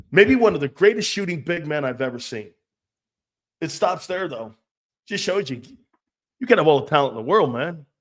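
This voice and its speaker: A man hosting sports talk radio, ranting in a brash, profane way and laughing between his jabs. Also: fairly high pitch. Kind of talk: opinionated sports radio rant.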